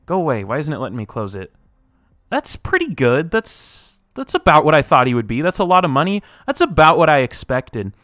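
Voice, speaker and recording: Young guy streaming, mutters then yells at chat, voice getting tired, dry close sound. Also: on the high side, big pitch swings, a little fast, no echo, soft background music. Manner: reads and answers chat, swings from mumbling to loud outbursts. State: voice wearing out. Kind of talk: casual live-stream reaction.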